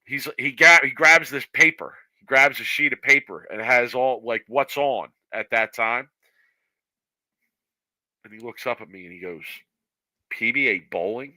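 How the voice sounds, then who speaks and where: A man's voice: mid-range voice, bright, forceful tone, dry recording, poor audio. A man co-hosting a bowling podcast, telling a long story in casual chat and acting out the voices he quotes. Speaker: podcast co-host.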